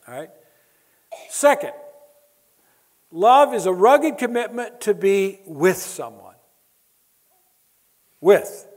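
A man preaching a sermon, emphatic and building his points through repetition, with wry asides to the audience. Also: high voice. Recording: long hall reverb.

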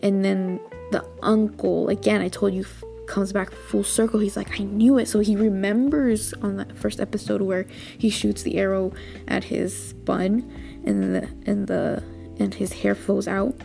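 A woman hosting a podcast, recapping a drama in a chatty, animated way with lots of fillers and little outbursts. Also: mid-range voice, a little slow, vocal fry, soft background music. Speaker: podcast host.

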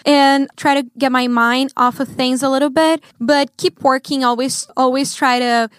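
A young woman from Brazil talks about her music in an upbeat, cheerful way, with a Brazilian Portuguese accent. Her voice sits high and bright in a dry, close recording with no room sound. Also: fairly even intonation, moderate pace, clean tone, no room sound. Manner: upbeat, cheerful, laughs often. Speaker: guest singer. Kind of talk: casual interview chat.

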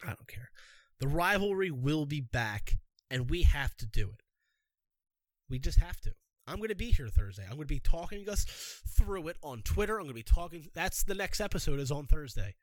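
A man rants on his sports podcast, cursing freely and hammering the same urgings over and over. His voice sits fairly high and swings widely up and down. He is recorded close and dry on a podcast mic. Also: very animated, moderate pace, no echo. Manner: profane, fired-up, repetitive exhortations. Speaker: podcast host. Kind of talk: solo sports podcast rant. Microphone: podcast microphone.

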